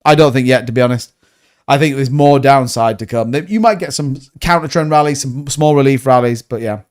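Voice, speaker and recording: A Yorkshire man with a mid-range voice and brisk delivery hosts a crypto livestream. He reads viewer comments and answers bluntly in a casual way, often repeating himself and calling people mate.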